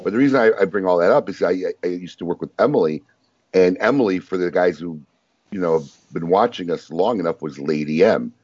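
A man's voice: deep voice, brisk, no room sound. A man hosting a casual talk show, telling stories with lots of energy and frequent laughter. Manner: animated storyteller, laughs often. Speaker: host. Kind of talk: casual chat. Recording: dull lo-fi sound.

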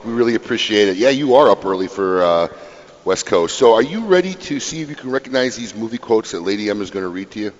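Brief: animated male host, teasing banter, roomy lo-fi sound. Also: on the low side, fast talker. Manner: teasing, laughing. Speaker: radio show host. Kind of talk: casual radio banter.

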